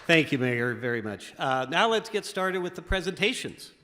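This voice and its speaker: A man hosts an awards ceremony in a relaxed, joking way, stumbling over fillers as he thanks people. His voice sits a touch high and rings through a big hall with long reverb, with a faint crowd behind him. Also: normal speed. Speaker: master of ceremonies. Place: large historic theater. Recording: echoey theater with a crowd behind.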